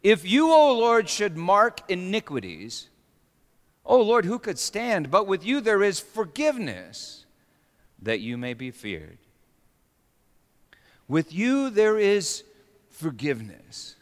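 A man preaching a sermon with dramatic swings between hushed storytelling and sudden shouts. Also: sits high, huge pitch swings, a little slow. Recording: long reverb of a large hall.

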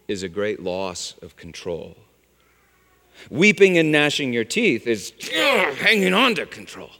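A man preaching a sermon, swinging from loud exclamations to hushed, low phrases. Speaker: pastor. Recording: long hall reverb.

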